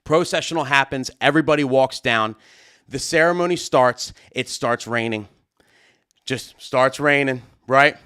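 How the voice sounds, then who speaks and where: A man hosting a live stream, telling a story in a casual, animated way with lots of fillers. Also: medium pitch, measured pace, clear, resonant tone. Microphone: studio mic at a desk.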